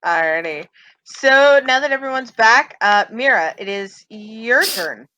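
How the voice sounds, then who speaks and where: Slow, bright-voiced woman game master. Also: fairly high pitch, no echo, poor audio. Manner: calm, matter-of-fact rulings. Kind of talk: running a tabletop role-playing game.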